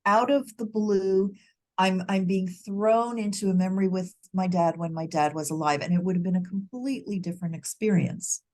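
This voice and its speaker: Co-hosting a reflective conversation, this grief educator earnestly shares a personal story, frequently starting sentences over. She speaks at a moderate pace with medium pitch and a slightly mellow tone.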